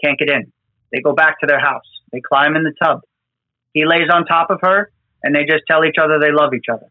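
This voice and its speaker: On a tinny, phone-like line with no room sound, a man tells conversational stories from disaster response work with a New York fire department team. He speaks fairly quickly in a fairly high, steady voice, earnest and emotional, often repeating words.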